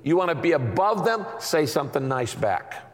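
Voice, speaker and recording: A man's voice: a little high, very animated, moderate pace. A middle-aged man preaching a sermon as a pastor, emphatic and repeating his catchphrases for the congregation. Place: large church sanctuary. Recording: long reverb of a large hall.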